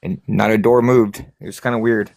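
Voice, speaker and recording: Male paranormal investigator, low voice, dry sound, lively storyteller. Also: normal speed, vocal fry, dry recording. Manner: animated storyteller, acts out scared reactions. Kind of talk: casual chat.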